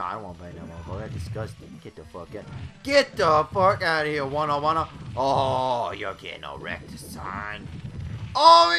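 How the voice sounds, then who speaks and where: A man giving brash, profane let's-play commentary full of excited yelps and outbursts. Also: medium pitch. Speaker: gaming YouTuber.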